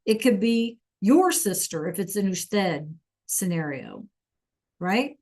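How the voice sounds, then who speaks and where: A woman's voice: mid-range voice, sing-song, slow, a little mellow. A woman teaching an online Spanish class over a video call, encouraging students to answer in the chat.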